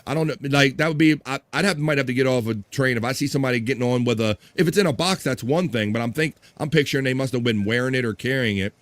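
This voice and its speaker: A man's voice: medium pitch, quick pace, few pauses, no echo. Chatty man hosting a live stream. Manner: chatty, laughs often, reads chat comments aloud. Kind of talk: casual live-stream chat.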